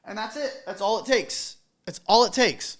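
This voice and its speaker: A man who DJs weddings tells a story as advice for fellow DJs, animated and emphatic, swearing casually. His voice sits high and he keeps a moderate pace.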